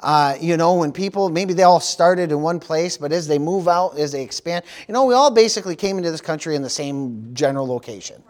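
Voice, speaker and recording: A man's voice: a little high, a little fast, hardly any pauses, darkish tone. A middle-aged man from the United States preaching a sermon as pastor, peppering his talk with "praise the Lord" and "amen.".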